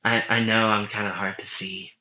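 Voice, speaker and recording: A man voicing a shy young winged female healer who speaks softly and hesitantly, in a fan-made spoken story. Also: fairly low pitch, little pitch movement, moderate pace. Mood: timid. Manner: soft, hesitant, nervous. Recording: echoey room, dull lo-fi sound.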